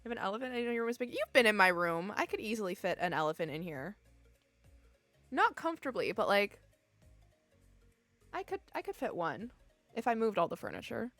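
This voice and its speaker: A woman's voice: mid-range voice, sing-song, brisk, pauses often, fairly bright tone, dry recording, soft background music. A young adult woman streaming from home, chatting casually with her viewers in a giggly, easily emotional way. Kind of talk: casual chat with live viewers. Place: home room.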